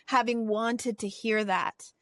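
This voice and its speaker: A woman's voice: fairly high pitch, steady tone, takes it slowly, no echo, studio quality. A woman co-hosting a podcast in casual chat, acting out quotes and laughing often. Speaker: podcast co-host.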